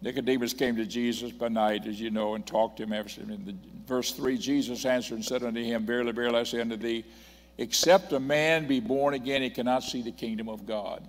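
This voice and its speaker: A man's voice: mid-range voice, fairly even intonation, brisk. Older man preaching in a reverberant church. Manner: emphatic, reads scripture aloud and repeats points. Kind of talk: sermon. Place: church sanctuary. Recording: long hall reverb.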